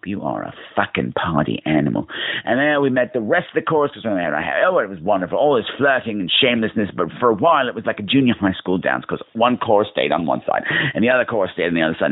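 A campy, theatrical American man tells a sweary story down a phone line into his own voicemail. His pitch leaps and dives all over the place. The sound is thin and dry, like a cheap phone call. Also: sing-song, quick pace, breathy edge, no echo. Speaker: podcast host.

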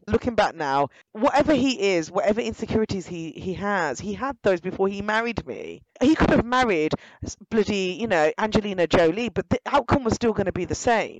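A young woman, outspoken and animated, talking directly to her listeners in casual storytelling. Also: fairly low pitch, no room sound, low-quality recording. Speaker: guest telling her story.

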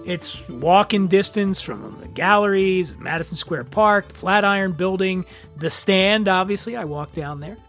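A man's voice: high voice, a bit bright. A man hosting a podcast, giving a chatty, offhand sponsor read. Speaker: podcast host.

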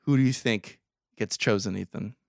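A young man co-hosting a podcast, recapping a movie in casual, comedic chat, swearing freely and laughing loudly. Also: lowish voice, normal speed, gravelly, no room sound, studio quality.

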